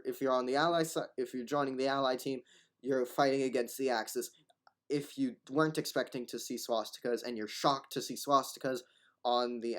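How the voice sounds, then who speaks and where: Rambling man arguing in commentary. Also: medium pitch. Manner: rambling, repeats and restarts words, argumentative. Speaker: commentator reacting to a video.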